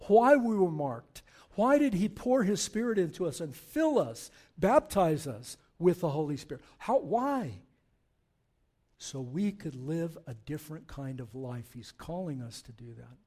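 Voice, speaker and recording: High-voiced man preaching with animation. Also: a little slow. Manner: animated preaching, reading scripture aloud, rising to forceful exhortation. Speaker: pastor. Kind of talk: sermon.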